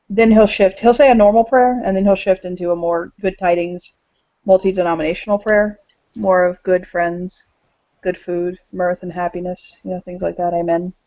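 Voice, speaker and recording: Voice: medium pitch, dry recording. A game master narrating a tabletop role-play, hesitant with many fillers. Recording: dull, dry lo-fi audio.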